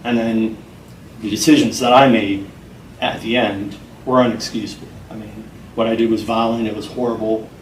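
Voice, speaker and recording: Earnest, measured man in a roomy space. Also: fairly low pitch, flat delivery, distant mic, a little hiss or hum. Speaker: interview guest. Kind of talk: earnest, reflective interview talk. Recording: roomy sound from off-mic, faint music behind.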